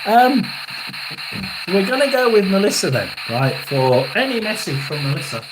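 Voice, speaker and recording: A man in his sixties doing a live tarot and spirit reading as a psychic medium, halting and rambling, often clearing his throat. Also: high voice, very animated, heavy background noise.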